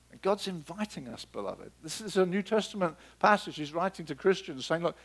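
Animated male preacher, high voice. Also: brisk, gravelly, slightly rough. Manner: animated, acts out biblical dialogue with sudden pitch leaps; drops to a soft, low murmur for emphasis. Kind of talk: sermon.

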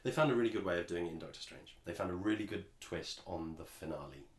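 An English man co-hosts a podcast with a low, animated voice, talking fast in a reverberant space. The conversation is casual, and he rambles with frequent restarts.

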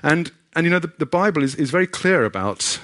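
A man's voice: fairly high pitch, animated, fairly quick, fairly bright tone. A middle-aged man giving a sermon with a personal story, earnest and conversational, often restarting his sentences. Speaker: preacher.

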